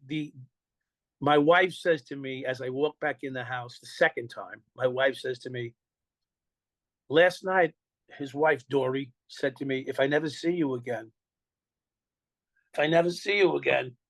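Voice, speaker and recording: An older man with a New York accent tells his story in an interview, speaking bluntly and swearing freely as he acts out what people said to him. His voice sits a little high for a man. The sound is dry and close. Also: no room sound, low-quality recording. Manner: blunt, profane, acts out quoted dialogue. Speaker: interview guest.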